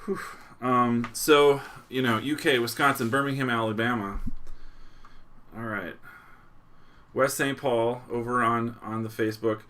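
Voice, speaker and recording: A man's voice: mid-range voice, steady tone, unhurried, long pauses, a bit bright. Casual man hosting a live stream. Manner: casual, reading viewer locations aloud; chuckles often, loose restarts. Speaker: livestream host.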